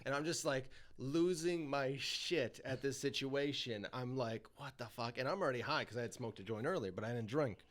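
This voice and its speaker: A man's voice: medium pitch, normal speed, few pauses, a bit bright. A young man, a podcast guest, telling a story casually and animatedly, swearing and laughing as he goes.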